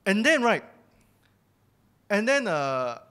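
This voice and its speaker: A young man with a notably high voice tells a personal church testimony. He speaks candidly and confessionally, admitting his own faults as he shares his story. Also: very animated, slow pace, pushed and bright.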